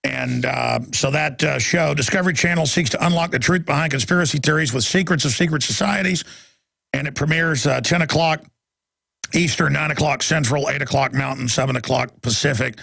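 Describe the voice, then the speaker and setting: A man's voice: on the high side, brisk, creaky, pushed and bright, no echo. A man hosting a call-in talk radio show, talking in a rambling, emphatic way with lots of fillers and restarts.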